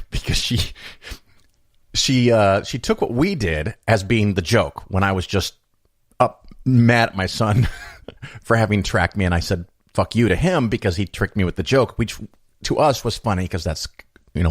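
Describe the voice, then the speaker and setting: A middle-aged man with a low voice hosts his own podcast, rambling through stories and thoughts in a casual, chatty way. He slips into other people's voices when he quotes them. The sound is close and dry, with no room around it. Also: dry recording. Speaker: podcast host. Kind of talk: casual solo monologue.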